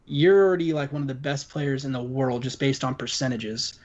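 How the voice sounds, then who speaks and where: A man's voice: mid-range voice, a little fast, a little mellow, lo-fi sound. A man co-hosting a casual sports podcast, easygoing and hedging, full of "you know.". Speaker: podcast co-host.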